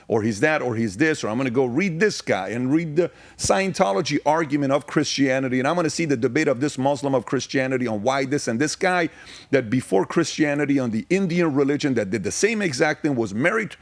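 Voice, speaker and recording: A man's voice: mid-range voice, lively intonation, fairly quick, no room sound. A man in his forties from Iran, a podcast guest telling his story in an emphatic, casual way and firing off rhetorical questions.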